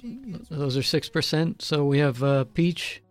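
A man's voice: a little high, expressive, slow pace, no room sound, soft background music. A man on the show's staff, plainly listing drinks on offer. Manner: matter-of-fact, listing items. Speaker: show staffer serving drinks.

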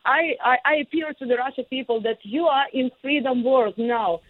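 A woman with a Ukrainian accent, a guest on a remote interview, speaking with passion, halting with many fillers and restarts. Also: high voice, dry recording. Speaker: guest, singer and former lawmaker. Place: in Kyiv, remote. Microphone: phone line. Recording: tinny dry phone line.

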